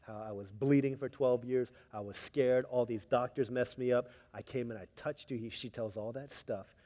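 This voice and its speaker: A man preaching a sermon, telling stories with voices, swinging from hushed tender passages to loud emphatic ones. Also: medium pitch, steady tone, normal speed, long reverb tail. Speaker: pastor.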